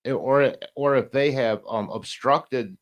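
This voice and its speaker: The audio is dull as a man with a mid-range voice talks casually on a podcast as a guest. His speech wanders and halts with frequent restarts, punctuated by the odd curse and laugh.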